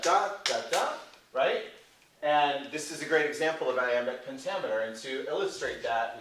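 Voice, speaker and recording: Man, workshop teacher, playful, tag questions, mid pitch, heard from afar. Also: a bit bright. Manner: playful, ends phrases with 'right?'. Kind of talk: classroom teaching. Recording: echoey room, voice from far off.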